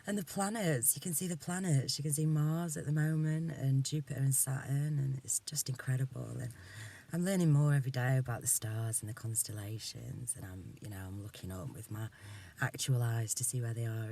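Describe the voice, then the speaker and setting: A man speaking a casual personal monologue. He rambles, swears often and is candid, drifting between topics and trailing off into quiet asides. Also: medium pitch, steady tone, moderate pace, gravelly. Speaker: vlogger.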